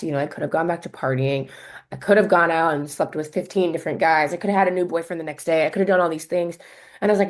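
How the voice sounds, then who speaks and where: A woman speaking as a coaching client, giving a casual, heartfelt testimonial that rambles, with many restarts and fillers. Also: low-pitched.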